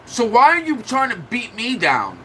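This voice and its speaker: A man's voice: extremely high pitch, wildly swooping pitch, normal speed, sharp tone, a little hiss or hum, low-quality recording. A man livestreaming in a casual chat, venting at length to his viewers in a rambling, upset way. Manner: rambling, restarts and fillers.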